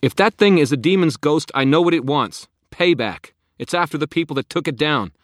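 A man's voice: rumbling low, steady tone, normal speed, mellow, slightly rough, dry recording, studio quality. A man reading an audiobook and voicing a weary, stubborn male wizard who speaks tersely and with exasperation. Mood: urgent. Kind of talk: audiobook character voice.

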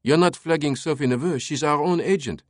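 A keen young male lieutenant reporting in quick, short bursts, pitched well above a man's usual reading voice, as a male audiobook reader puts him on. The sound is dry and close. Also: dry recording, close to an everyday voice. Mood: earnest. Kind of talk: audiobook character voice.

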